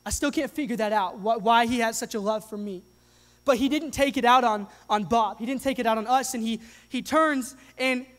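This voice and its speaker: A young adult man preaching a sermon to his congregation, earnest and animated, often restarting his sentences. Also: very high voice. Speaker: pastor. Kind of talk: sermon with live demonstration. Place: church hall with live audience. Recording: long hall reverb.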